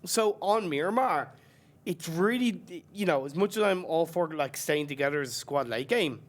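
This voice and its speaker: A man's voice: a little high, expressive, normal speed. Chatty analytical esports caster man. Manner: analytical, chatty, filler-heavy. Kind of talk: colour commentary.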